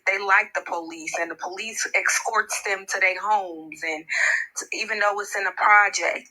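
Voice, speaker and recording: Forceful, emphatic woman podcast host. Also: mid-range voice, low-quality recording. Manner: emphatic, punctuates points with repeated tag questions. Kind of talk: casual discussion.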